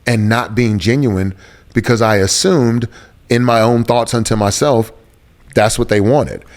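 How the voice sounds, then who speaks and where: A man's voice: medium pitch, measured pace. A man speaking as an interview guest, telling a personal story in an earnest, searching way and repeating phrases for emphasis. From Houston, Texas.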